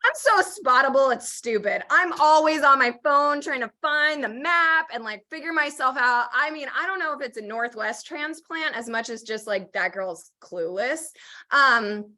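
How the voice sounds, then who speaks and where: A young podcast host from Oregon in the US Pacific Northwest chats casually in a high, animated voice with a sharp tone at normal speed. She's self-deprecating and fills her talk with lots of "like" and "um."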